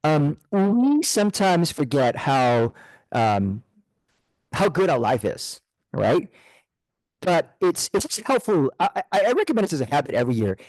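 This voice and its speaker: A middle-aged man giving a motivational talk to a club, animated and chuckling at himself. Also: fairly high pitch, measured pace, dry recording, poor audio. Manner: animated, chuckling, self-deprecating. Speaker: guest speaker. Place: club meeting room.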